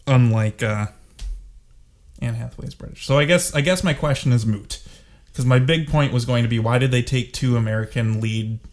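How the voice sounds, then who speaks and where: A man talking casually about a film he just watched, sarcastic and worked up, piling on complaints. His voice sits at an ordinary middle pitch for a man. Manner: sarcastic, ranting, exasperated. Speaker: co-host discussing a movie. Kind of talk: casual chat.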